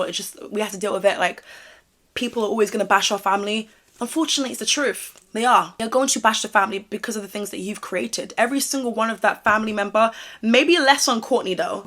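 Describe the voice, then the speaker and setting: A woman commenting to camera in a sassy, direct way, her voice going a little hoarse. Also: medium pitch, fairly bright tone. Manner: sassy, direct, calls viewer babe. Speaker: commentary vlogger. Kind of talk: casual opinion chat to camera.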